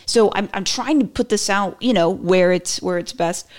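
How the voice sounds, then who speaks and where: A woman's voice: medium pitch, normal speed, a little mellow. A woman hosting her own podcast, chatting through political commentary in a rambling, self-mocking way with joking asides. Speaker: podcast host.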